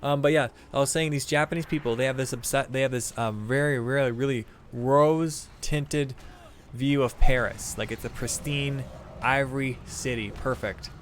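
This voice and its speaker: A man with a Midwestern American accent talks loosely to his stream viewers while he plays, wandering from thought to thought and cursing casually. His voice sits at an ordinary middle pitch, with a faint bit of room noise behind him. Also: steady tone, normal speed. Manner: rambling, profane, chatting to viewers. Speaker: game streamer. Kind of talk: casual live-stream chat.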